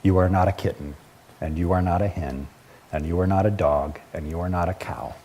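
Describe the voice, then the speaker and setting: Man reading as a baby bird, innocent, searching, storybook read-aloud, soft, slow. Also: low voice, steady tone, a little hiss or hum, pitched below the performer's own voice. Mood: tender.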